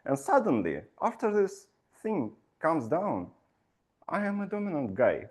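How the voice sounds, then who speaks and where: A man's voice: on the high side, wildly swooping pitch, measured pace, a little mellow, breathy edge. A man giving a humorous, self-mocking impromptu speech and laughing at his own jokes. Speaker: club speaker.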